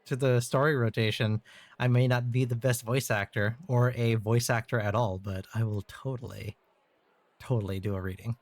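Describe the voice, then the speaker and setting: A man's voice: mid-range voice, fairly even intonation, moderate pace, no room sound. A man hosting a live-stream story time, chatting in an easygoing way and thinking aloud. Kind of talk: casual live-stream chat.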